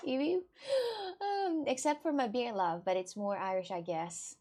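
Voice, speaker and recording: A woman's voice: mid-range voice, big pitch swings, a little fast, a little mellow. A woman from Russia with a Russian accent, rambling chattily in loose non-native English on a casual livestream with viewers. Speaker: streamer.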